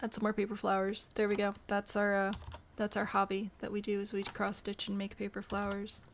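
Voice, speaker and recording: A woman's voice: medium pitch, completely flat delivery, fairly quick, slight background noise. Chatty woman with mild Midwestern accent. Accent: mild Midwestern American. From Michigan, US Midwest. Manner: chatty, thinks aloud and answers chat questions. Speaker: streamer. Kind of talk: casual live-stream chat while building in a game.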